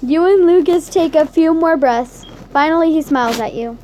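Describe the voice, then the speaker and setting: A woman narrating a second-person interactive story in a soft, unhurried storytelling manner. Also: high-pitched.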